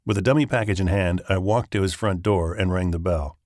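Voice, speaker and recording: A man narrating a first-person thriller audiobook in a steady, matter-of-fact way. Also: deep voice, fairly quick, dry recording, studio quality.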